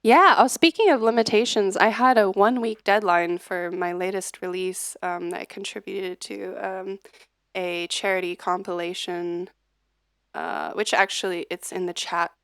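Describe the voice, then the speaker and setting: An American woman livestreams as a musician, chatting casually with plenty of fillers and restarts. Her mid-range voice is fairly bright and smooth, with fairly even intonation and a moderate pace, recorded at studio quality with no room sound.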